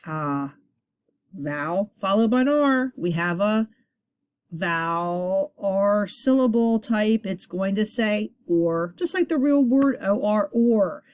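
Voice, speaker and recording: A woman teacher leading a children's reading lesson, encouraging her class and sounding words out slowly at a board. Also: mid-range voice, lively intonation, darkish tone, clear, resonant tone, dry recording.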